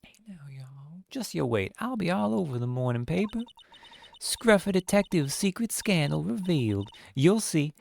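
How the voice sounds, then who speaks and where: A man's voice: high voice, sing-song, moderate pace, vocal fry, no room sound, pitched above the performer's own voice, exaggerated voice. A man reading game dialogue aloud, voicing a brash young female tabloid photographer with a Southern drawl. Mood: pushy. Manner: pushy, folksy drawl.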